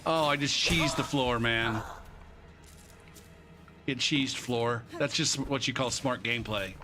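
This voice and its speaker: A man streaming a live playthrough, excitable and swearing a lot as he talks to himself over clear game music. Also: medium pitch, unhurried, long pauses. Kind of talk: live gameplay commentary.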